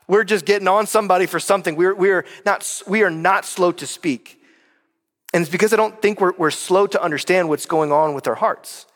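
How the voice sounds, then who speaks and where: A man's voice: high voice, fairly bright tone, big-room sound. A middle-aged man preaching a conversational sermon in a church, emphatic and full of rhetorical questions. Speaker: pastor. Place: church sanctuary.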